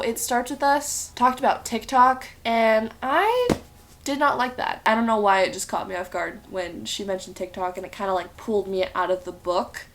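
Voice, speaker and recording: A woman in a casual sit-down chat, talking straight to viewers and acting out her own thoughts in quotes. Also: fairly high pitch. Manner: chatty, talks straight to viewers. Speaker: book reviewer.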